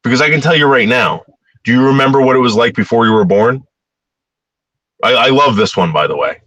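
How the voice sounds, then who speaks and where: A man of middle pitch talks in a loose, rambling monologue, restarting words and getting more heated. His voice swings widely up and down. The sound is close and dry, with no room echo. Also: fairly quick, long pauses, muffled recording. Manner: rambling and animated, repeats words, grows heated. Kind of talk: casual monologue.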